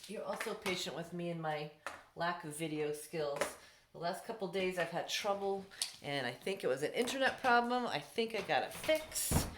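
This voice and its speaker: A woman's voice: fairly low pitch, lively intonation, noisy background. Patient teacher woman in an echoey room. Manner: patient, sounds words out slowly for young pupils. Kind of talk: recorded remote class lesson.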